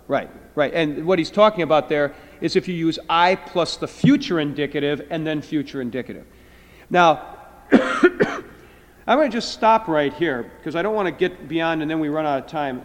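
A middle-aged man teaching a Greek class, explaining slowly and drawing out words. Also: fairly high pitch. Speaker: Greek professor. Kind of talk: classroom lecture. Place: lecture hall. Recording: hall reverb.

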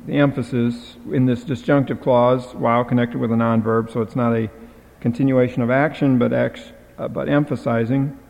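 A man teaching a Bible passage as a lecture, explaining Hebrew grammar in a halting way with frequent filler sounds. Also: mid-range voice, fairly even intonation, gravelly, a little mellow. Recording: dull lo-fi sound in a reverberant hall.

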